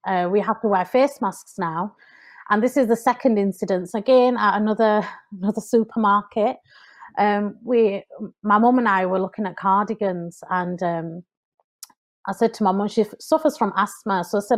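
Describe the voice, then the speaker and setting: A woman with an English accent, a podcast guest telling a personal story in earnest, getting animated when she quotes people. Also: medium pitch, moderate pace. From United Kingdom. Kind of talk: conversational storytelling.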